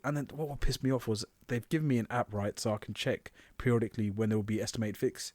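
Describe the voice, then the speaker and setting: Male co-host, mid pitch, dry close mic, sweary storyteller with animated quotes. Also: fast talker, few pauses, dry recording. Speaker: podcast co-host. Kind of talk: casual chat.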